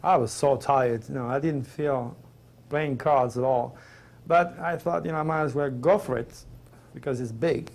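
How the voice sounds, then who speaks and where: Gravelly man with a French accent. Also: mid-range voice, moderate pace, darkish tone. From Provence, France. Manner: earnest, rambling, emotional. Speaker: interview guest. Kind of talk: personal storytelling.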